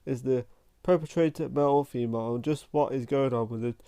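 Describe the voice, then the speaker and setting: Male channel host, casual film review, mellow warm tone, meandering delivery full of restarts. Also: mid-range voice, clear, resonant tone. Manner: rambling and halting, with frequent restarts and "like" fillers.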